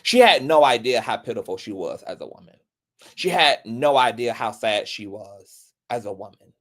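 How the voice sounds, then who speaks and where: Theatrical male commentator with a lively voice. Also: medium pitch. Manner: theatrical, mocking pity, dramatic pauses. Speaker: commentary channel host. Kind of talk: gossip commentary.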